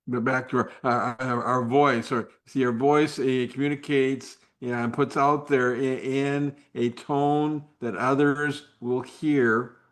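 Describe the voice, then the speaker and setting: Slow-talking man giving an unpolished live talk. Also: mid-range voice, steady tone. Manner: slow, unpolished, with many restarts and fillers; drops to a whisper at times. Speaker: host. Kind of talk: live faith-based talk.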